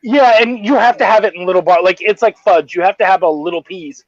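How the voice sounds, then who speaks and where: A Canadian man hosting a casual podcast chat, excitable and swearing freely as he talks. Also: high voice, fast talker, dry recording, dull audio. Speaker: podcast host.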